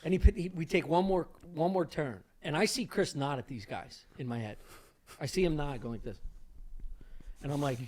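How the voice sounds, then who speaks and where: A man co-hosting a podcast, telling a story in a casual, profane, animated way. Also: on the high side, normal speed. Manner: animated, profane, acts out scenes. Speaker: podcast co-host.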